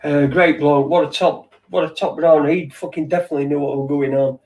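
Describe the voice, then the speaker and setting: A man's voice: on the high side, steady tone, brisk, darkish tone. A middle-aged man, rambling in sweary, wry late-night chat as a podcast host, heard from a little way off the mic. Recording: distant from the mic.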